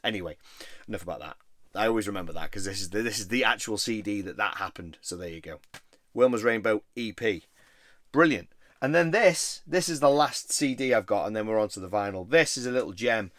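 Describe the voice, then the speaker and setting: Lower-voiced man, chatty collector vlog, dry close recording. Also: lively intonation, a little fast, fairly bright tone, no room sound. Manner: chatty, rambling, easily enthused. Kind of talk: casual show-and-tell vlog.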